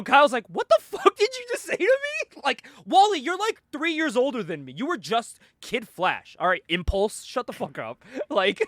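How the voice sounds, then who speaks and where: A man with a high, bright voice that swings widely as he retells a comic story, dropping into other characters' voices and laughing between lines. The recording is dry and close. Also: dry recording. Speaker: podcast host. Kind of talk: casual comic book recap.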